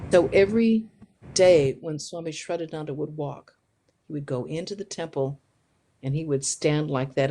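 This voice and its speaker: Lively, low-pitched nun telling stories. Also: female voice. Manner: lively, acts out quoted voices with big pitch swings. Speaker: Vedanta nun giving a talk. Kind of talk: anecdotal storytelling talk.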